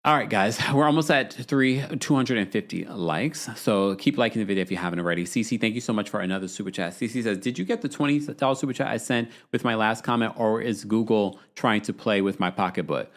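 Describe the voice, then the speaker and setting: A man's voice: on the low side, fast, hardly any pauses. A man hosting a live-stream reality TV recap, chatting casually and reading out viewer comments. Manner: chatty, animated, reads viewer super chats. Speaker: podcast host.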